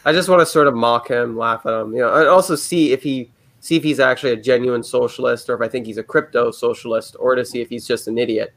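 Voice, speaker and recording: A man's voice: medium pitch, quick pace, hardly any pauses, a bit bright. A man chatting casually about politics as a guest, rambling and hesitant, with many fillers and restarts. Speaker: guest commentator.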